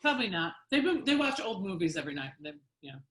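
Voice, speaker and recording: A woman hosting an interview show, chatty and lively, laughing often as she talks. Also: mid-range voice, fast. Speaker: show host. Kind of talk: casual interview conversation. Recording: echoey room.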